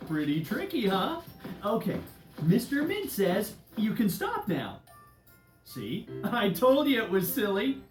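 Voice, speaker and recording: A woman speaks slowly at medium pitch with big swings in tone, performing as a cheerful, friendly male candy who runs a follow-the-leader game with kids. She sounds bouncy and playful, coaxing the children, in the style of a children's DVD game host. The recording carries roomy echo and music behind.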